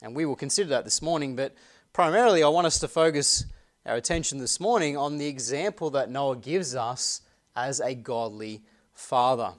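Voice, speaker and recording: Man preaching a sunday sermon, earnest, keeps asking the church rhetorical questions, reads bible verses slow. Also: mid-range voice. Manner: reads scripture aloud slowly and deliberately. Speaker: pastor.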